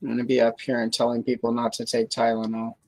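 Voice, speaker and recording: A woman's voice: extremely low pitch, completely flat delivery, fast, darkish tone, dry recording, poor audio. Dry-sounding woman chatting on a livestream. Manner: rambling, hedging, full of fillers and self-corrections; dry sarcasm. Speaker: livestream host. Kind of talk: casual livestream chat.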